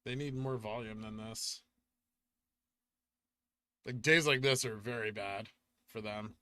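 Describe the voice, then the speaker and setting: Bright-voiced man chatting on a livestream. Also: fairly low pitch, steady tone, slow pace, clear, resonant tone, dry recording. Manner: laid-back, answers viewer questions offhand. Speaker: livestream host reading chat. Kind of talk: casual livestream chat.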